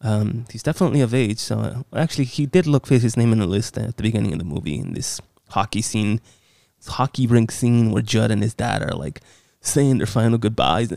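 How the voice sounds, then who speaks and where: A man's voice: on the low side, fairly quick, creaky, mellow, no room sound, clean studio sound. Sarcastic swearing man reviewing a film. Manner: sarcastic, exasperated, swears often. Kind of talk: casual profane film recap.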